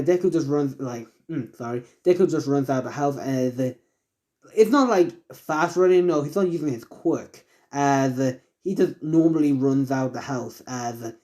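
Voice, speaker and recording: Rambling mellow male storyteller. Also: medium pitch. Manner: rambling, many fillers and self-corrections. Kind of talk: improvised fan-fiction narration.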